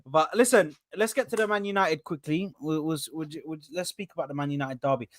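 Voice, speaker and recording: Animated young man, football podcast host. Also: on the high side, brisk. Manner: animated, rambling, swears freely. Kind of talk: casual football chat.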